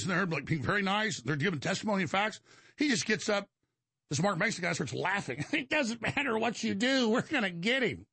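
A man's voice: high voice, pushed and bright, breathy edge, no room sound. A male show host in an agitated, emphatic monologue, rambling and restarting his sentences. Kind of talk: heated monologue.

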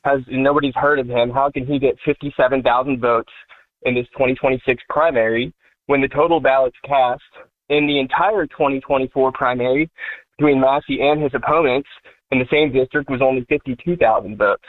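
A man calling in to a radio show, earnest and rambling with halting fillers. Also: medium pitch, steady tone, no room sound. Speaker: caller. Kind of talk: call-in talk radio. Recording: tinny phone line.

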